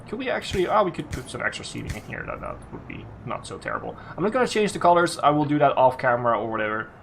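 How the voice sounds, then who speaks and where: Male let's-play host, mid-pitched, rambling commentary with frequent restarts and self-corrections. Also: gravelly, fairly bright tone, slight background noise. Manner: thinks aloud, restarts and self-corrects often. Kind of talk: casual game commentary.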